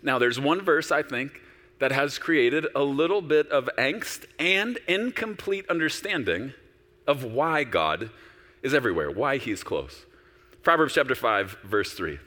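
A man pastor preaching a sermon on a stage, shifting from quiet storytelling to loud, urgent exhortation. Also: medium pitch, a little slow, in a large hall. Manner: animated, swinging from soft storytelling to loud exhortation. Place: large church auditorium with stage.

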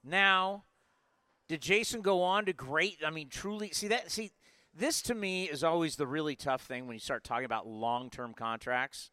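A man in his forties hosting a live sports talk show, talking in an energetic, rambling way with lots of asides. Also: fairly high pitch, moderate pace, clean tone, no echo. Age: 40s. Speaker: sports podcast host.

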